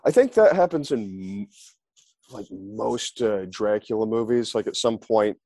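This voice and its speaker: A man's voice: on the low side, very animated, a little slow, mellow, no room sound. A man in his forties, a podcast guest chatting casually over a remote call and joking in silly voices. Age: 40s. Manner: rambling, acts out silly voices for jokes. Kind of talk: casual chat.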